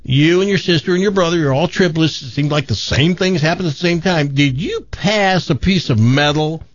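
Man lightly playing a calm, soothing mom, barely changed from his own voice. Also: fairly high pitch, normal speed, no echo, dull audio, close to an everyday voice. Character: calm soothing mother of triplets.

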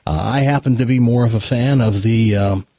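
A man's voice: mid-range voice, brisk, no echo. A man hosting a radio show, joking and chatting casually with his guests. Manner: lively, joking, talks in asides. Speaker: radio host.

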